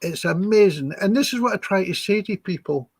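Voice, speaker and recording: A slightly high, husky male voice, recounting personal stories to an interviewer. He is chatty and acts out each quoted line of dialogue, and the sound is close and dry. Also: lively intonation, brisk, no echo. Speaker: psychic healer guest. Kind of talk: anecdotal storytelling in an interview.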